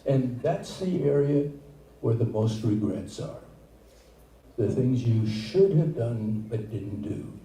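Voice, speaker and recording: An older man performing a stand-up comedy set in a small venue, with a rambling, halting delivery full of asides. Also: mid-range voice, animated. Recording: echoey room, distant mic, loud ambience. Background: audience laughter.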